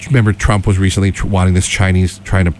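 A man's voice: low-pitched, little pitch movement, fast talker, darkish tone, slight background noise. A middle-aged man co-hosting a political radio show, talking casually and rambling with many restarts and fillers.

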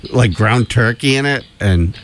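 A man's voice: mid-range voice, lively intonation, unhurried, a little hiss or hum. A man hosting a radio show in casual, rambling chat, full of fillers and laughter.

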